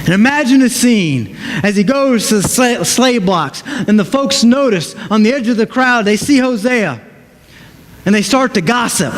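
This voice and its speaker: A man's voice: very high-pitched, expressive, normal speed. A man preaching a sermon as a pastor, telling the story dramatically and acting out the voices of the people in it. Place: church sanctuary. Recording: long hall reverb.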